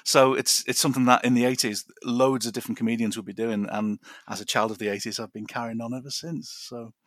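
A man's voice: mid-range voice, steady tone, fast talker, fairly bright tone, no room sound, clean studio sound. Chatty man rambling with laughs. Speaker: podcast guest. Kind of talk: casual chat. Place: his garden.

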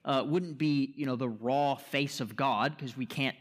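A man's voice: medium pitch, unhurried. A man preaching a sermon as pastor, emphatic, posing rhetorical questions and checking in with the listeners. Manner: checks in with "right?" and "okay?".

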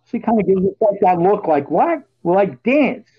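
A man hosting a podcast, telling casual stories and getting loud and animated when he quotes his own yelling. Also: high-pitched, fairly quick, husky. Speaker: podcast host. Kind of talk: casual storytelling chat. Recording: dull lo-fi podcast audio.

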